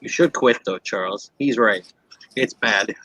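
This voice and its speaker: A man's voice: fairly low pitch, measured pace, pushed and bright, no echo, poor audio. A man on a casual livestream panel, making blunt remarks and asking teasing questions. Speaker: panel guest.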